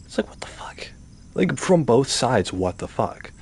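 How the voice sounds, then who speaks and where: A man's voice: mid-range voice, very animated, measured pace, creaky, darkish tone, breathy edge, in a whisper. A man talking casually while playing a game, ranting with rhetorical questions and swearing. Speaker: gaming streamer. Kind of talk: casual rant while gaming.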